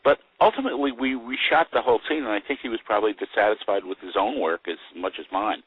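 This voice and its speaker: A man's voice: on the low side, fast talker, breathy edge, no room sound, narrow, tinny audio. An older man, a guest actor, telling chuckling anecdotes in a casual interview. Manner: chuckling storyteller with lively voices for quoted people.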